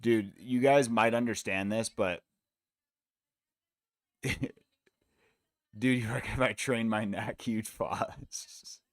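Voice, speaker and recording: Hosting a live fight watch-along, this US man talks slowly at medium pitch with a steady tone and long pauses. His casual chat is relaxed, wandering and foul-mouthed, and the studio sound is dry and clean.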